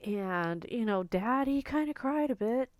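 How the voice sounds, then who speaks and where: A woman telling a personal family story in a halting, emotional monologue with many restarts. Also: on the high side, expressive, no room sound.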